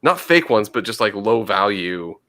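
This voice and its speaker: Bright-voiced man in animated podcast chat. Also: lowish voice, moderate pace. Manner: animated, swears freely, trails off and restarts. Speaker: podcast co-host. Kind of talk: casual chat.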